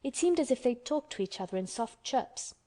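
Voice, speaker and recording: A woman's voice: on the high side, animated, a little fast, warm tone, voice pushed up. A woman voicing a stubborn, contrary orphan girl who speaks bluntly and obstinately.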